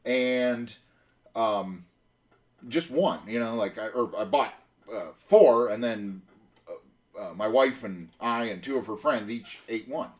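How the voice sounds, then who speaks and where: A man's voice: medium pitch, lively intonation, slow pace. A man in his thirties telling a long personal story in a casual, rambling way, full of fillers and restarts. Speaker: podcast host.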